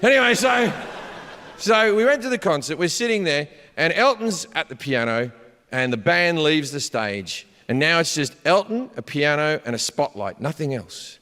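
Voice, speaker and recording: A man with an Australian accent doing stand-up, telling a crude story and jumping into shouted punchlines. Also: a little high, very animated, moderate pace. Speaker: stand-up comedian. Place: large concert venue on stage. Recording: live hall reverb with faint crowd ambience.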